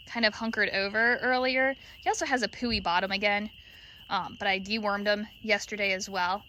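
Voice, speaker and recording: A woman's voice: mid-range voice, pushed and bright, slight background noise. A woman vlogging at night in her sheep pen, chatting to the camera and cooing fondly at her animals. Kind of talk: casual vlog narration.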